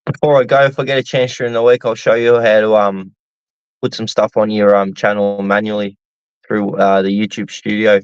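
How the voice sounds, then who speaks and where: A man's voice: fairly low pitch, flat delivery, moderate pace, smooth, dry recording, muffled recording. A man joining a livestream chat as a guest, friendly and a bit hesitant.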